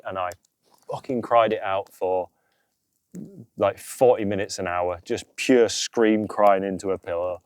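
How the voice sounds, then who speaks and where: This man co-hosts a relaxed podcast by an outdoor campfire, discussing emotional healing in earnest while swearing freely and saying "you know" a lot. He speaks at a measured pace in a fairly low, steady, clean-toned voice with no echo.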